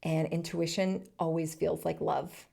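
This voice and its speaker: A woman in her thirties hosting a solo podcast, earnest and encouraging, speaking in short soft phrases. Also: sits low, little pitch movement, measured pace, gravelly. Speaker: podcast host.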